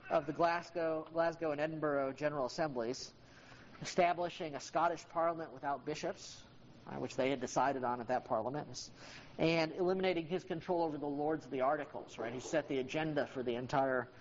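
A teacher lecturing on history in a classroom, loose and conversational, full of ums and uhs, now and then speaking to a student by name. The voice sits at a middling pitch. The recording is dull and lo-fi, with a faint hiss behind it.

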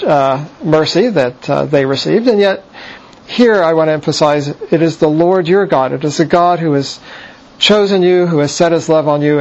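A man teaching verse by verse through a book of scripture, measured and explanatory, pausing on "uh" and restarting phrases. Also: on the high side, gravelly, a little mellow, dull audio. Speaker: Bible teacher.

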